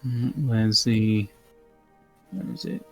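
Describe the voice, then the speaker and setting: A man narrating as game master of a tabletop game, often pausing to apologize and look through his notes. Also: fairly low pitch, steady tone, gravelly, soft background music.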